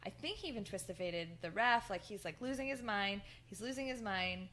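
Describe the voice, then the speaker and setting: A woman's voice: mid-range voice, lively intonation, brisk, fairly bright tone. A woman co-hosting a podcast, casually recapping wrestling in a rambling way with lots of fillers and laughter. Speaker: podcast co-host.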